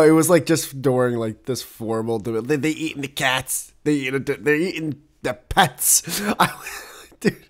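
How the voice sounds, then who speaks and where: Animated young man ranting casually. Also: medium pitch. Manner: rambling, profane, laughs often, rants with rising exasperation. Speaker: podcast host. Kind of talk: casual solo chat.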